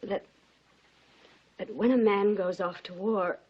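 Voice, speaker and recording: A gentle middle-aged mother. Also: mid-range voice, fairly even intonation, husky. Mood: somber. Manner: soft, gentle, measured. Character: gentle, composed mother of two grown daughters. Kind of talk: 1940s studio film acting. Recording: dull 1940s film soundtrack with faint hiss.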